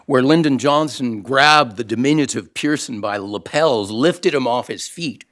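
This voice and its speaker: A man's voice: mid-range voice, expressive, unhurried, fairly bright tone. Canadian man giving a witty speech. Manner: dry wit, many uh fillers, quoted lines acted out. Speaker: think tank head giving a launch speech. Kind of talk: formal speech with anecdotes. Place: event room with an audience.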